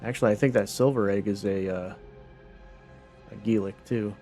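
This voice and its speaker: A man's voice: on the low side, fairly even intonation, moderate pace, a little mellow, faint music behind. A man giving casual, think-aloud commentary while streaming a creature game, reading menus and musing over his finds. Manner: thinks aloud, reads menus, trails off in asides.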